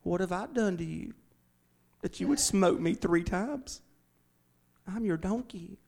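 A man voicing a meek, hurt talking donkey, speaking softly and pleadingly. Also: sits high, animated, a little slow, creaky, full character voice.

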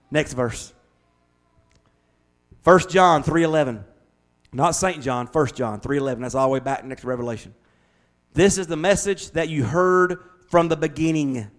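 A middle-aged American man preaching a sermon as pastor, in a folksy, animated way that swings from loud to hushed. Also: on the high side. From United States.

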